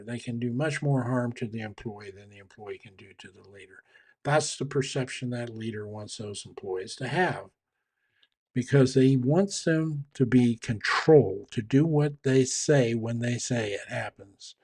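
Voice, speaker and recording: A man's voice: mid-range voice, normal speed, a little mellow, husky. Guy explaining trust at work, chatty, restarts a lot, mid voice. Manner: conversational, with restarts and fillers. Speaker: trainer on communication and leadership. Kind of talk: explanatory talk with a story.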